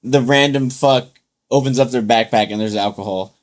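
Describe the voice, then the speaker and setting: A man's voice: mid-range voice, normal speed. A young man co-hosting a casual chat, telling loose, profane stories and acting out what people said, a little tipsy from drinking. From United States. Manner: loose, profane storytelling with acted-out quotes. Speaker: podcast co-host.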